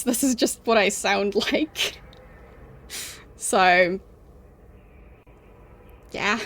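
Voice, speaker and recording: A young woman streaming a game, chatting casually in English, which is not her first language, with frequent laughs and halting restarts. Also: medium pitch. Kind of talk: casual gameplay commentary.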